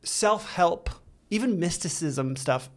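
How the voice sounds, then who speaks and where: A man, a podcast guest, telling a personal story in earnest, halting speech with frequent restarts. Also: on the high side, expressive. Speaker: interview guest. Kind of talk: candid storytelling in a recovery interview.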